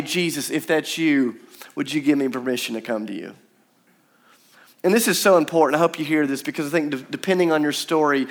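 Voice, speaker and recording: A young man delivers a sermon with a fairly high voice. He preaches in a chatty, animated way and slips into the voices of the people in his story. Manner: animated, conversational preaching with acted-out quotes. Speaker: pastor.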